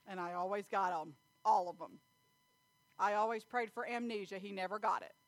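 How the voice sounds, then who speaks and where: Telling family stories and reading from the Bible, a woman preaches in a folksy, storytelling manner and frequently laughs. She speaks at a moderate pace in a medium-pitched, steady voice, with no echo.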